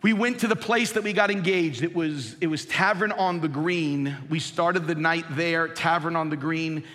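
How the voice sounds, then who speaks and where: A man in his fifties leads a sermon from the pulpit in a big reverberant hall. His voice sits high and bright, and he shifts between forceful, rising emphasis and soft, low storytelling. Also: moderate pace. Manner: emphatic preaching, swinging from loud peaks to low quiet storytelling. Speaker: pastor.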